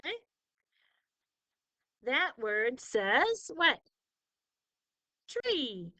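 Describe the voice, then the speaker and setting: A woman's voice: a little high, expressive, takes it slowly, a bit bright, dry recording, low-quality recording. A woman tutoring spelling in a patient phonics lesson, drawing out vowel sounds and asking questions she then answers herself. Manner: asks leading questions and answers them herself.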